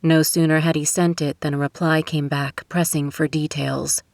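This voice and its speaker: A woman narrating a romance novel audiobook in a steady, measured storytelling voice. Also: sits low, vocal fry, dry recording. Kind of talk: scripted narration. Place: recording booth. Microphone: studio microphone.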